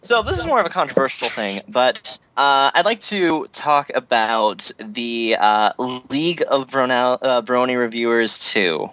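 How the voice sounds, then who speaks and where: A man's voice: mid-range voice, animated, unhurried, few pauses, pushed and bright, low-quality recording. A man co-hosting a casual online interview, asking questions hesitantly. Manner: hesitant, lots of fillers.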